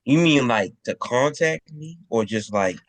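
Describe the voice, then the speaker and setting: A man's voice: medium pitch, expressive, a little slow, no room sound. A man answering as a guest on a video call, hesitant, with many fillers and restarts. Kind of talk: casual interview answers.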